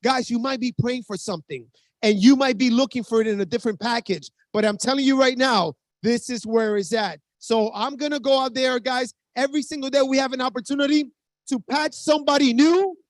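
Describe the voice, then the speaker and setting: A man speaking as a network marketing distributor, giving an urgent motivational pitch with stories and often calling the audience guys. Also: fairly quick, no room sound.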